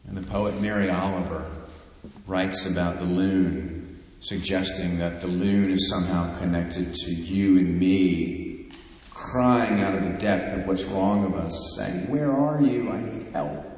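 A low-voiced man delivers a sermon at an unhurried, measured pace. His words ring out through a large, echoing church, with a long tail of reverb after each phrase. He builds to fervent emphasis on key lines. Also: steady tone, darkish tone, slight background noise. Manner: slow, deliberate, rising to fervent emphasis. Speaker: preacher. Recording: echoey hall with long reverb.

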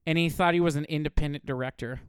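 A man co-hosting a casual podcast, an animated storyteller who laughs a lot and acts out loud quoted voices. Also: a little high, fast talker, clean tone, dry recording, studio quality. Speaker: podcast co-host.

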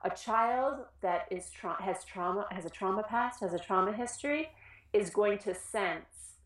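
A woman who works with children in schools, giving an informal talk on trauma, earnest and animated, often restarting her sentences. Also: medium pitch, unhurried, reverberant. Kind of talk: informal educational presentation.

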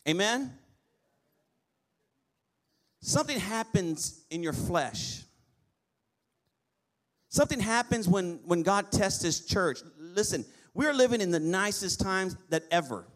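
Man, pastor, high voice, lively sermon, asks for amens. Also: slow, pauses often. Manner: lively preaching with call-and-response amens.

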